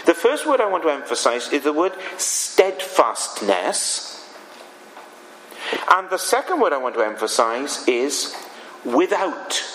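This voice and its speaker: A man preaching a sermon, speaking in a deliberate way with emphatic pauses between phrases. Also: a little high, fairly bright tone, a little hiss or hum, low-quality recording.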